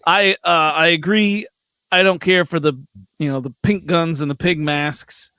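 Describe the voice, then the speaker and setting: A man's voice: on the high side, fairly even intonation, measured pace, bright, forceful tone, clean tone, no room sound. A man co-hosting a gaming podcast, speaking in casual chat with hesitant fillers. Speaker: podcast co-host.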